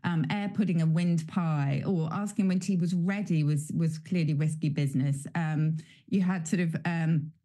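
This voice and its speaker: A woman's voice: sits low, fairly even intonation, moderate pace, few pauses, dark tone. A woman guest in a studio interview, talking in a chatty way with many fillers. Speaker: dialect guest.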